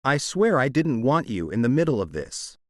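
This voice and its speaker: A man reading the lines of a gruff, hard-edged rancher who is fiercely protective, in a clipped way. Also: mid-range voice, very animated, normal speed, dry recording, studio quality, natural voice.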